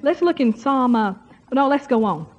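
A woman's voice: high-pitched, animated, normal speed, noisy background. A woman preaching a sermon to a congregation in a folksy, chatty way, speaking straight to the crowd. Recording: dull lo-fi sermon recording.

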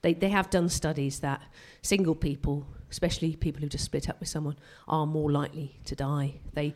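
A woman doing a live stand-up set on a theatre stage, self-mocking and excitable, tripping over her own restarts. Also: on the low side, fairly quick, hardly any pauses. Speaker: stand-up comedian.

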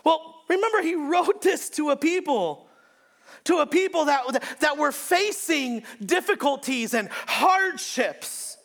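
A male pastor preaching a sermon in an emphatic style, repeating phrases and swinging between shouts and hushed lines. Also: very high voice, slow pace.

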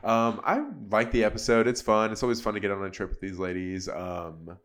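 A man in his thirties casually recapping a reality TV episode, chatty and full of "like" and "um", with animated asides. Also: on the low side, fairly quick. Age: 30s. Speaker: podcast host recapping a reality show.

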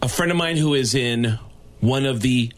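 A man, a guest comedian, telling a backstage story on a radio show and acting out the characters' lines. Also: moderate pace. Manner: lively, acts out characters' lines with big pitch jumps.

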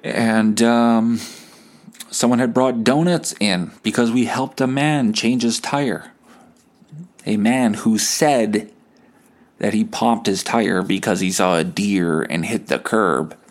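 Hungover and rambling, a young Canadian podcast host delivers a sarcastic, expletive-laden solo rant. He speaks at a slow pace in a lowish voice.

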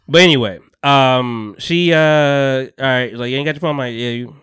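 Man co-host for casual podcast, mid-pitched, swears, laughs as he acts out both sides of a story. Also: normal speed, fairly bright tone, clear, resonant tone, no room sound, clean studio sound.

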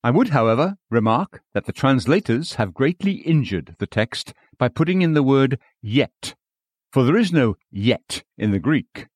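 A man reading a sermon aloud in measured, formal, old-fashioned preaching language. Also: medium pitch, sing-song, darkish tone, no echo, studio quality. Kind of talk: read sermon.

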